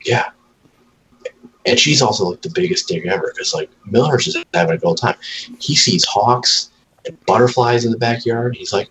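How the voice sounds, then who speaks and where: Chatting casually with a friend, a man with a very low, deep voice rambles through stories at a moderate pace, swearing freely and doing voices to imitate his pets. His tone is a bit bright, and the recording is rough.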